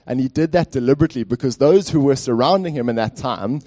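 A man preaches a sermon as pastor in a church, talking conversationally and directly to the congregation with frequent fillers. His voice is medium-pitched and mellow, and he talks fast.

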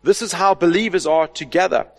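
A high-voiced male pastor preaches to his church, firing off rhetorical questions and leaning hard on key phrases. His voice rings out with a long hall reverb behind it. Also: fairly quick. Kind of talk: sermon.

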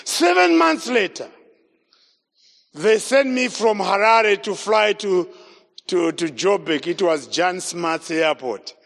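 High-voiced preacher in a hall. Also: male voice, slow pace, vocal fry. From Zimbabwe. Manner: animated, repeats key phrases, quizzes the congregation. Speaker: evangelist preacher. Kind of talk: sermon with personal storytelling. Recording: long hall reverb.

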